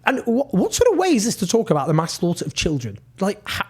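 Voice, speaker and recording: A man's voice: high voice, big pitch swings, quick pace, darkish tone, breathy edge. A man giving indignant scripted political commentary, emphatic and full of rhetorical questions.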